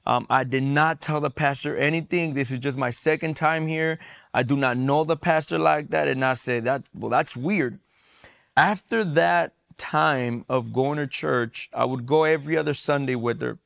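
Young man, gravelly voice, earnest personal testimony, trips over words now and then. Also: fairly high pitch, moderate pace, a bit bright. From San Diego, USA. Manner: earnest, repeats words when emotional. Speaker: testimony guest.

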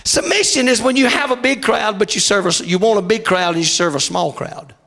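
A man preaching a revival sermon, shouting in a sing-song cadence, his voice wearing out. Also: high voice, fairly quick, vocal fry.

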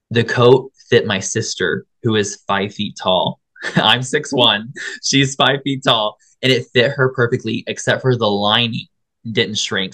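A woman's voice: very deep voice, fairly bright tone, dry recording, rough recording. A woman cosplayer as a podcast guest, telling stories politely, avoiding swearing and laughing often. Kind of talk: casual interview chat.

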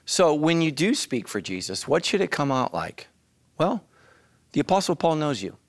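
A man preaching a sermon as the pastor, animated and bursting into loud shouts. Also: on the high side, moderate pace, no room sound. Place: church.

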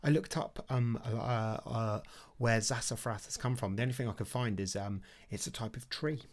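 A man's voice: medium pitch, steady tone, moderate pace. Jokey man, casual podcast chat. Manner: chatty and jokey, laughs often. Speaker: podcast co-host.

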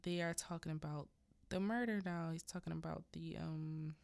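A woman's voice: deep voice, steady tone, moderate pace, gravelly, darkish tone, dry recording. A woman hosting a podcast, casually recapping a movie in a rambling way with frequent laughs and fillers; English is not her first language. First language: a language other than English. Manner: rambling, laughs between lines, fillers like yada yada. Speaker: podcast host.

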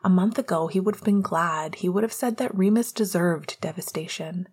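Woman reading a story aloud, low breathy voice, soft and hushed. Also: normal speed. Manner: soft, hushed, gentle narration. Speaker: narrator. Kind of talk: audiobook reading of fan fiction.

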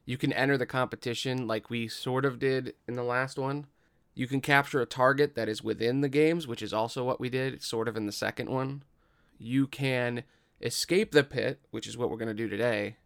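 Game master, male: gravelly, smooth voice, dry close sound, slow dramatic narration. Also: medium pitch, dry recording.

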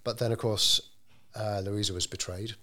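A man telling a story in an interview, measured and unhurried, with frequent ums and restarts. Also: fairly low pitch, steady tone, sharp tone. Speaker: interviewee telling local history. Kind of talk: conversational storytelling.

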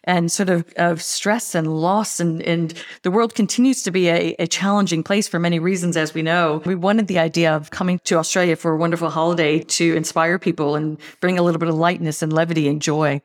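A woman's voice: fairly low pitch, fairly even intonation, brisk, few pauses. A woman with an American accent answering interview questions about a marketing campaign, upbeat and enthusiastic, often starting with "look". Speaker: tourism marketing executive.

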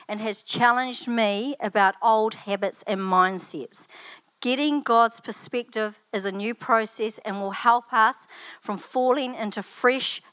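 A woman's voice: fairly high pitch, fairly bright tone, smooth, no echo. An older woman giving a personal testimony at church, telling stories in a chatty, anecdotal way with asides.

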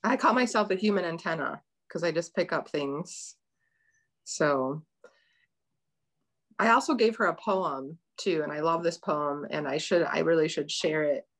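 A woman's voice: low-pitched, measured pace. A middle-aged woman telling a personal story as a guest, earnest and rambling, with many restarts.

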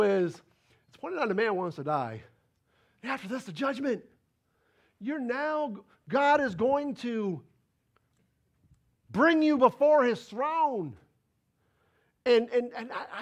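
A man preaching a sermon, animated and emphatic, repeating words for stress. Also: very high-pitched, a little slow, long pauses. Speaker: pastor.

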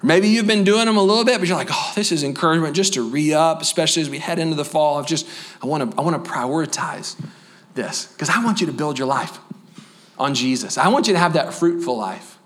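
A high-pitched man preaches to his church with lively, fired-up energy and playful asides. Toward the end he settles into a softer, slower voice to pray. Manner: energetic, animated preaching with quick asides and humor; drops to a soft, slow voice for closing prayer. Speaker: pastor. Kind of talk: sermon. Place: church sanctuary.

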